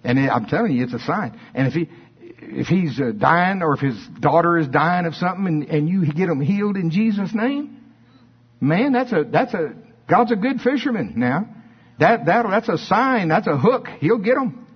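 Man preaching, husky voice, emphatic swings from loud highs to low asides, dull lo-fi recording. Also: animated, normal speed. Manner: emphatic preaching, rising to high bursts then dropping low. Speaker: pastor. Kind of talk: sermon.

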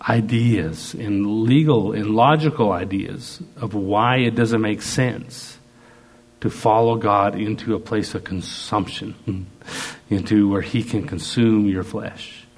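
A man preaching a sermon, slow and emphatic, piling up repeated phrases. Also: fairly low pitch.

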